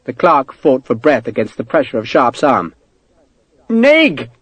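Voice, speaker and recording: A man reading a novel aloud as narrator, with an expressive delivery. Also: medium pitch, normal speed, breathy edge, dry recording. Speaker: audiobook narrator. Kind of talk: scripted narration.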